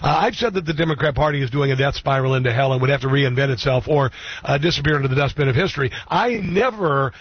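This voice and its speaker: A man's voice: medium pitch, quick pace, husky. A man hosting a political talk radio show, indignant and emphatic, firing off rhetorical questions. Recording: dull lo-fi radio sound, dry.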